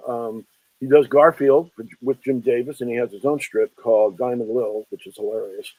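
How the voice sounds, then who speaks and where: A man's voice: moderate pace, dry recording, low-quality recording. Chatty man telling anecdotes, dry sound. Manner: chatty, animated storyteller who quotes people in lowered voices. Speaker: author and film historian guest. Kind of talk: anecdotal interview storytelling.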